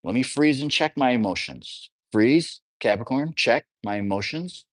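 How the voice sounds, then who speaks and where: A man's voice: mid-range voice, animated, moderate pace, dry recording. A man talking through astrology in a casual, rambling monologue, often checking in with the listener. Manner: rambling, conversational, often asks "you know what I'm saying". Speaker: astrology teacher.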